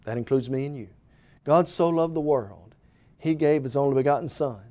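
A man delivers a televised gospel sermon in a fairly high voice. He speaks earnestly and directly to the listener, calling them "friend". He piles up emphatic repeated phrases and now and then trips over a word. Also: dark tone. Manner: emphatic repeated phrases, occasional stumbles on words. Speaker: TV preacher.

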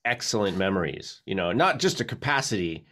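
A male host of a music interview, speaking in a lowish voice. He reflects on the conversation at an easy pace, thinking out loud as he goes. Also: sing-song, brisk.

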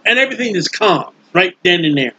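A man preaching a casual, animated sermon, acting out the voices in his stories in colloquial speech. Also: high voice, a little fast, husky, rough recording. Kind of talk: sermon with acted-out scenes.

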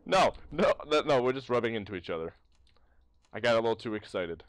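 A man playing a horror game, commentating in panicky yells and laughter, pleading with the monster as it chases him. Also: mid-range voice, expressive, a little fast, a little hiss or hum. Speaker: gaming YouTuber. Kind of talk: let's play commentary.

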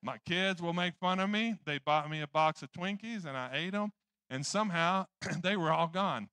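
A man's voice: high voice, moderate pace, bright, forceful tone, clear, resonant tone, no echo. A man preaching a sermon in church, rambling and joking at his own expense. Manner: rambling, joking, self-deprecating.

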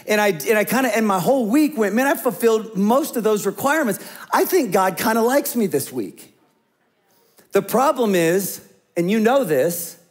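A middle-aged man preaching a sermon as a pastor, talking conversationally and dropping to a hush when he tells stories. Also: high-pitched.

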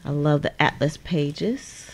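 A low-pitched woman chats away as she crafts at her desk. Her talk is loose and playful, and she often laughs and answers viewers. A faint hiss sits under the recording. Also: slow pace, gravelly, darkish tone. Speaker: crafting channel host. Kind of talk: casual crafting livestream chat.

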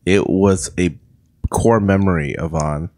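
A man's voice: sits low, unhurried, darkish tone, no room sound, clean studio sound. A man co-hosting a casual podcast, teasing and playful. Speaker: podcast co-host. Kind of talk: casual chat.

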